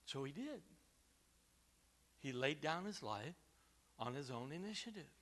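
A man preaching a sermon, emphatic, with repeated words and loud stressed phrases. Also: on the high side, very animated, a little slow.

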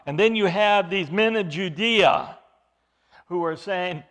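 A man preaching an expository sermon, emphatic, with his voice rising into loud bursts. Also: high voice, lively intonation, a little slow.

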